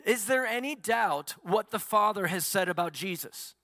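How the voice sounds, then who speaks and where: A man's voice: high-pitched, animated, moderate pace, bright, forceful tone, no room sound, clean studio sound, long reverb tail. A male pastor preaching a sermon, asking the congregation questions and answering them himself.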